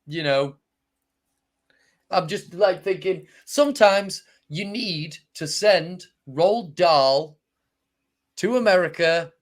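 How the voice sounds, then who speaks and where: Man with a slightly high, halting voice. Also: expressive. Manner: hesitant, lots of restarts and fillers. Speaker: podcast co-host. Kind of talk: casual chat.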